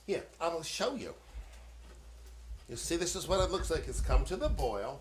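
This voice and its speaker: In a home kitchen, a Maine-accented man hosts a cooking show, fussing over children in a playful demonstration and breaking into old-fashioned exclamations. His voice sits on the high side, lively but unhurried.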